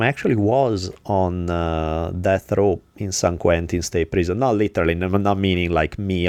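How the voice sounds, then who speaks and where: Deep-voiced man telling a story bluntly. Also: a little mellow, no echo. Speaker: podcast host. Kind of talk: casual chat.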